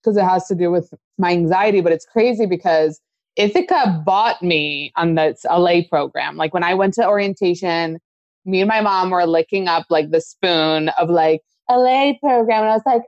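A woman's voice: medium pitch, no echo, lo-fi sound. A woman hosting a podcast, chatting casually and rambling as she swears freely. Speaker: podcast host.

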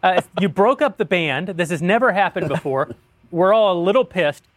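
A man's voice: sits high, expressive, moderate pace, no room sound. A man hosting a joking political roundtable, wry and self-mocking, laughing often as he reads a sponsor ad. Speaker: show host. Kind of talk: joking roundtable chat with ad read.

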